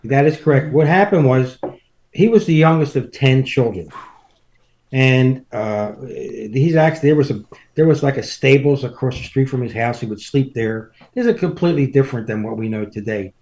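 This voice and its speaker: A man's voice: medium pitch, lively intonation, moderate pace, darkish tone. A man in his seventies, a podcast guest, telling rambling family stories in casual chat and chuckling through them. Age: 70s.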